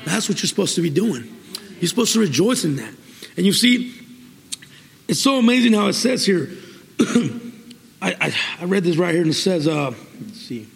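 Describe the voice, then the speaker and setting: A man preaching a sermon, exuberant, bursting into laughter and praise, then reading scripture slowly and deliberately. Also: sits high, big pitch swings, vocal fry. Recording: long hall reverb.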